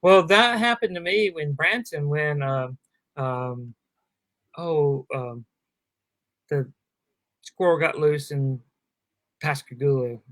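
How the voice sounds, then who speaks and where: A man who is a guest comedian on a podcast, telling animated anecdotes and acting out quotes in casual chat. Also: fairly high pitch, takes it slowly, long pauses, no echo.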